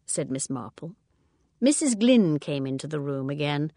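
A woman narrating an audiobook in a calm, low, even voice between the lines of dialogue. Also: moderate pace, no room sound, studio quality. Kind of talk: scripted narration.

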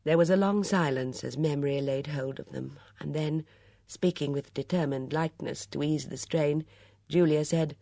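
Woman audiobook narrator, calm, husky, close dry sound. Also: deep voice, normal speed, no echo.

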